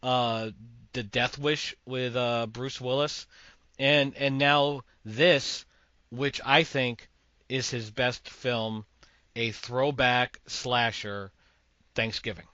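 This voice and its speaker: A man's voice: medium pitch, steady tone, slow pace, sharp tone, smooth, no echo, dull audio. A man from Massachusetts hosting a podcast, giving opinionated, rambling movie takes. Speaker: podcast host. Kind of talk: casual movie chat.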